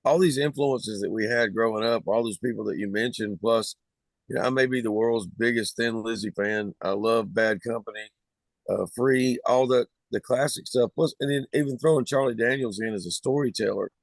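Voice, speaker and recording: A man's voice: medium pitch, moderate pace, dry recording. Easygoing Southern US man. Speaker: band singer, guest. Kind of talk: casual podcast interview.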